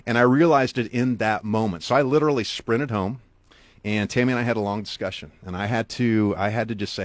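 A man's voice: fairly quick, no room sound. A middle-aged man, an author and guest speaker, earnestly telling a motivational story to the listener with big swings for emphasis. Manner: earnest, talks straight to the listener; wide swings in pitch and loudness for emphasis.

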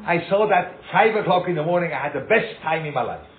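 A rabbi teaches in a lively, emphatic way, repeating points and acting out small scenes. His voice sits a bit high. The recording is echoey and thin, with a light hiss behind him. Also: quick pace, phone-quality sound. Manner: emphatic, repeats himself, acts out little scenes. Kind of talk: animated informal Torah talk.

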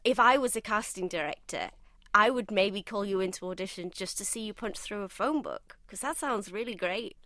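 A woman's voice: medium pitch, normal speed, pushed and bright, no room sound. A woman bantering playfully in an improvised comedy podcast.

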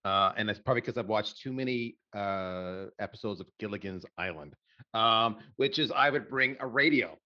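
A man's voice: lowish voice, normal speed. Fired-up man, muffled call audio. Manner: animated, fired up, emphatic. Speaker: podcast guest. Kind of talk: casual interview chat.

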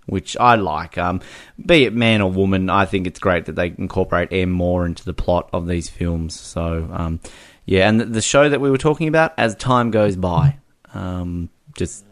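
A man co-hosting a podcast, talking about a film in a loose, casual way. He gets animated as he retells scenes and laughs often along the way. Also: low-pitched. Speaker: podcast co-host. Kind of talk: casual movie review chat.

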